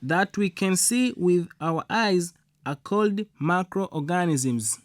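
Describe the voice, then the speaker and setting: A man's voice: sits high, animated, slow pace, no echo, studio quality. A young man answering as a student in a radio lesson, reciting his answers carefully.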